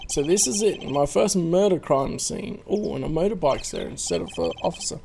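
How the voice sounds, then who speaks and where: A man's voice: a little high, normal speed, vocal fry, darkish tone, slight background noise. A man hosting a casual let's play, chatting and reading game text aloud.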